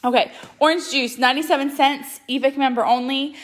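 A woman's voice: high-pitched, steady tone, a little fast. A woman, chatting casually and upbeat through a shopping haul with plenty of ums. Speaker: couponing vlogger.

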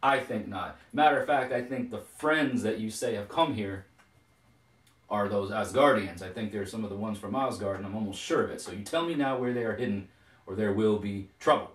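A man's voice: fairly low pitch, a little fast, natural voice. Guy playing a grumpy giant dad, barks orders, echoey room, mic far away. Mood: angry. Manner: blunt, demanding. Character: Hymir, gruff angry giant father. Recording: roomy echo, distant mic.

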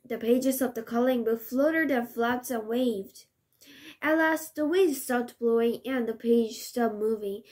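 A woman with a fairly high, darkish voice reads a children's storybook aloud in English. She is a native Korean speaker, and she reads carefully and slowly, restarting now and then.

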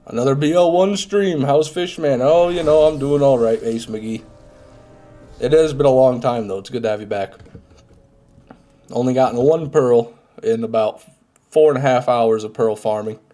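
A man's voice: medium pitch, moderate pace, mellow. A young man streaming a game live, chatting casually with viewers, reading chat aloud and swearing now and then, while sick with a head cold. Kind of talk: casual live gameplay commentary.

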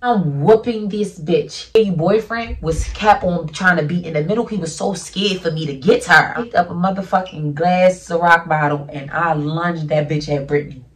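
A woman's voice: lowish voice, moderate pace, few pauses, recorded from a distance, slight background noise. A young woman vlogger telling a casual storytime in a brash, profane, emphatic way.

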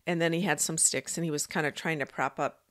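Brief: low-voiced woman, casual rambling vlog talk, dry close-mic sound. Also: fairly even intonation, fast talker, fairly bright tone, no echo. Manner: rambling, thinking aloud with fillers and restarts. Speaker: psychic vlogger. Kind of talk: casual monologue.

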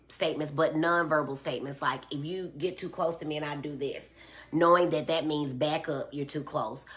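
With a low-pitched, slightly bright voice, a middle-aged woman answers viewer comments on her live stream, captured by a phone or tablet. She reads each one out and explains patiently using everyday examples.

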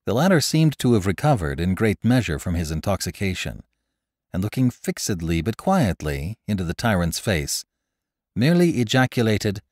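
Low-voiced guy reading a classic story, really expressive, dead dry mic. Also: moderate pace, no echo. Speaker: podcast narrator. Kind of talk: dramatic audiobook reading.

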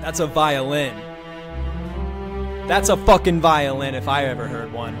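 A man's voice: mid-range voice, measured pace, music in the background. A man hosting his own podcast, talking in a loose, hyped, profane way. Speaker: podcast host. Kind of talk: casual chat.

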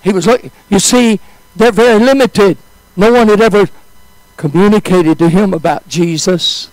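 A male preacher telling a story in a sermon, swinging from high exclamations to hushed, drawn-out phrases. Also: no room sound, poor audio.

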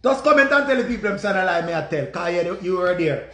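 A man's voice: high voice, animated, quick pace. A man with a Jamaican accent, hosting a live stream and ranting emotionally, repeating himself in heated bursts. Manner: heated, repetitive, shouting outbursts. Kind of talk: emotional storytelling rant. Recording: echoey room.

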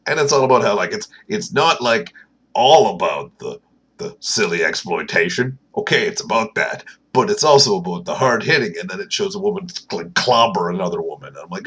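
A man's voice: on the low side, lively intonation, normal speed, fairly bright tone, breathy edge. A man talking to camera in a casual late-night video diary, rambling, chatty and poking fun at himself. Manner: rambling, chatty and self-mocking. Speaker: video blogger.

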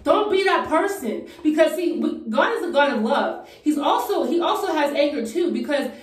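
A woman's voice: high-pitched, expressive, moderate pace. A woman preaching fervently in a conversational way, encouraging her viewers in a get-ready-with-me video. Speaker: Christian vlogger. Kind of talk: preaching while getting ready. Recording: echoey room from a distance.

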